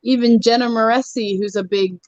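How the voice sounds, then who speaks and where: A woman's voice: a little high, fairly even intonation, a little fast, darkish tone, no room sound. Guest: woman, frank and emphatic, dry, slightly dull lo-fi sound. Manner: frank, emphatic, talks with filler ums. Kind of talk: casual chat.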